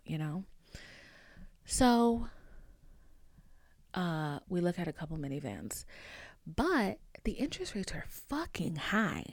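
Profane, animated woman telling a story. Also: fairly low pitch, slow pace, long pauses, dry recording, studio quality. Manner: animated, profane and emphatic, with frequent rhetorical "okay?". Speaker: podcast host. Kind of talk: casual storytelling monologue.

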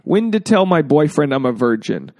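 A man's voice: fairly high pitch, big pitch swings, normal speed, darkish tone, no echo. A man hosting a casual podcast, joking freely and acting out quotes in exaggerated voices. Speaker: podcast host.

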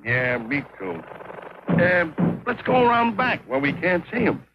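A man's voice: fairly high pitch, sing-song, a little slow, lo-fi sound, very noisy. An actor playing a lazy, easygoing cartoon caveman husband in a vintage sponsor ad. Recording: old TV ad audio with music.

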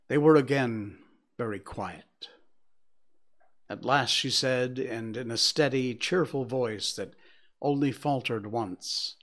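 Slow, measured male storyteller. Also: medium pitch, a bit bright. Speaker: narrator. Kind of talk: storybook reading aloud.

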